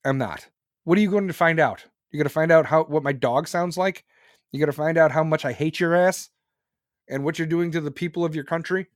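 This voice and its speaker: A man's voice: fairly high pitch, brisk, no room sound, clean studio sound. A male podcast host ranting about politics in a blunt, profane, heated way. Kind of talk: opinionated political rant.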